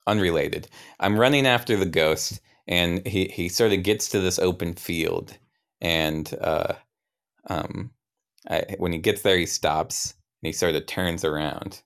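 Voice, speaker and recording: Young man, deep voice, smooth and clear, rambling improvised game narration, wry asides. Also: a little slow, fairly bright tone. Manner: rambling, self-interrupting, wry. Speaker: player narrating his character. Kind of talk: improvised tabletop role-play narration.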